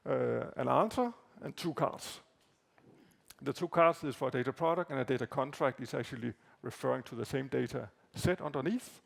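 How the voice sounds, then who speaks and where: A man whose first language is Danish gives a conference talk, walking through slides in a halting way with frequent fillers and repeated words. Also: mid-range voice, vocal fry. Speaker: conference presenter. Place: conference hall.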